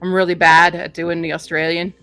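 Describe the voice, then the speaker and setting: A chatty woman hosting a relaxed book review chat. She laughs easily and reads blurbs aloud between asides. Faint music sits underneath. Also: on the low side, a little fast, clear, resonant tone. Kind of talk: casual chat.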